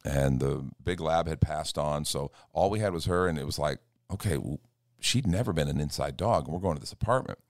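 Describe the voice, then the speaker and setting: A pastor with a very low, deep voice chats in an earnest, storytelling way. He acts out little quoted exchanges as he goes, and the sound is dry and close. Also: fairly quick, dry recording. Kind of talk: casual chat. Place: church.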